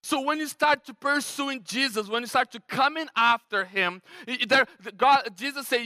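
Brazilian-accented male pastor, high, crisp voice, chatty animated sermon, long hall reverb. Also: moderate pace, hardly any pauses. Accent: Brazilian Portuguese. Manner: conversational, animated preaching with frequent restarts.

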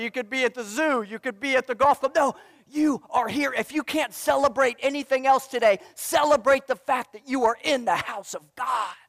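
A man's voice: very high-pitched, vocal fry, a bit bright, no echo, studio quality, in a large hall. A male pastor preaching a sermon with emphasis, coming back again and again to a refrain. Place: church sanctuary.

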